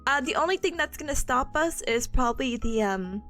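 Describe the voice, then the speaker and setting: A young-sounding woman hosts a study live stream and chats to her viewers, giggling often. Her voice sits very high and swoops widely, with a bright, sharp edge. Faint music plays behind her. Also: animated, moderate pace. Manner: giggly, bursts into laughter and squeals. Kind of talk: casual live-stream chat.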